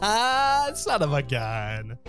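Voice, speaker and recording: Excitable gamer guy, voice leaps all over the place, slow drawl between yelps, game music playing under him. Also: high-pitched. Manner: excitable, laughing, frequent yelps and shouts. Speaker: gameplay commentator. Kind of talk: let's play commentary. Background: video game music.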